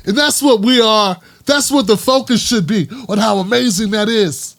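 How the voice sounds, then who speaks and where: A male vlog host delivers an emphatic, opinionated commentary monologue. His voice sits high for a man, and he hammers his points with repetition. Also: moderate pace, few pauses, a bit bright, soft background music. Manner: impassioned, emphatic, repeats lines for punch.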